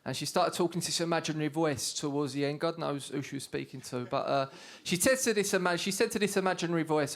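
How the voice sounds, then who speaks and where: Speaking quickly with few pauses, a young man with a fairly high voice and an Essex accent works through a stand-up routine. He's English, and he performs on a comedy studio stage for a live crowd, spinning cheeky stories that land on punchlines and bursting into shouted put-on voices.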